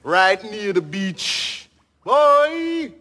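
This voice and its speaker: A man's voice: expressive, fairly bright tone, slightly rough, full character voice. A man playing a character who falsely claims to be Jamaican and answers every question evasively. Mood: boastful. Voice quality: high, drawn-out put-on accent. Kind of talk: comedy sketch clip.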